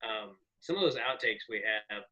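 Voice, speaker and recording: Bright-voiced man, animated comedian. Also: fairly low pitch, normal speed, muffled recording. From American South. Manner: rambling, animated storyteller with profanity. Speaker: comedian guest. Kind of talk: casual podcast chat.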